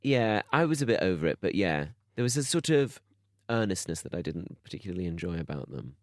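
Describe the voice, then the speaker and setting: A man's voice: low-pitched, sing-song, brisk, no echo, clean studio sound. A man co-hosting a podcast, playful and self-mocking, leaning on words for comic emphasis. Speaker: podcast co-host. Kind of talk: casual chat.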